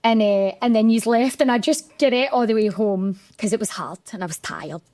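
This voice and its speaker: A woman's voice: a little high, fairly quick, darkish tone, no room sound. A young adult woman with a Scottish accent, co-hosting a podcast and telling a candid, emotional story from her own working life. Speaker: podcast co-host. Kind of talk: casual chat.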